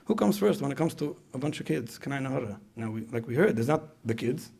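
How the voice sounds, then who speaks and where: Guy lecturing parents, gravelly voice, talks fast, keeps repeating himself. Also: mid-range voice, animated, darkish tone. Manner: repeats phrases, asks the audience questions. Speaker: speaker at a parenting retreat. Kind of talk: conversational lecture.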